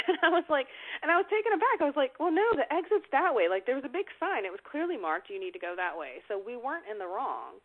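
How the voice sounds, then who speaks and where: A woman's voice: a little high, big pitch swings, fast talker. A woman telling everyday stories in casual chat, rambling with lots of fillers and restarts. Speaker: conversation partner. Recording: tinny phone-like line.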